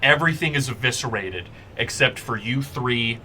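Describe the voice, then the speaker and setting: Bright-voiced man running a tabletop game. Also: medium pitch, slight background noise. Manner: descriptive, quick, with fillers. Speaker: game master.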